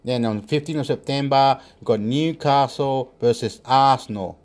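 A man in a loose, casual monologue working through football predictions. He rambles and talks to himself, sometimes muttering and swearing under his breath, at an ordinary middle pitch. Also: moderate pace. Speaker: vlogger giving football predictions.

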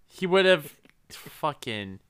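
A man's voice: fairly high pitch, big pitch swings, takes it slowly, clear, resonant tone. A man co-hosting a podcast, chatting about a movie in a laid-back way with profane, joking asides. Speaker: podcast co-host. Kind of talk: casual movie recap chat.

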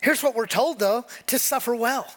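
Man preaching to a congregation; animated, casual, slips into quoted dialogue. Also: very high-pitched, moderate pace. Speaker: pastor. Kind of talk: conversational sermon. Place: church sanctuary with congregation.

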